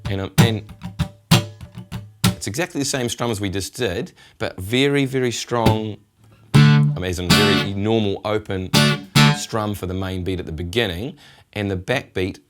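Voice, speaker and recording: Lowish-voiced guy teaching guitar, chatty explainer, loud acoustic guitar strumming under him. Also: measured pace, long pauses. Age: middle-aged. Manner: explains patiently, counts and vocalizes strum rhythms. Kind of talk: casual guitar lesson. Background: acoustic guitar playing.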